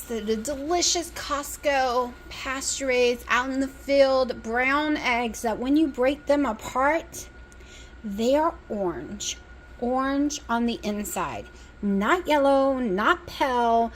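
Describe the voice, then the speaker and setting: Slowly and in a higher voice, an exhausted Southern woman with a country accent rambles casually while cooking in her home kitchen for a vlog. The phone recording is rough with light background noise, and she occasionally speaks with food in her mouth.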